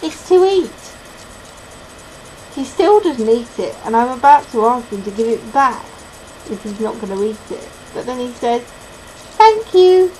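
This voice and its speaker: A woman reading a novel aloud, telling the story in a soft, unhurried first-person voice. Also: a little high, slight background noise, poor audio. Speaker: reader.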